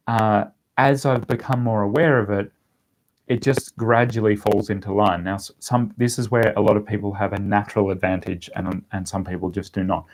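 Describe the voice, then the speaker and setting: A young man casually chatting on a livestream and answering viewer questions, rambling with lots of ums. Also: lowish voice. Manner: relaxed, rambling, with frequent ums and laughs. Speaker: language-learning YouTuber answering live chat.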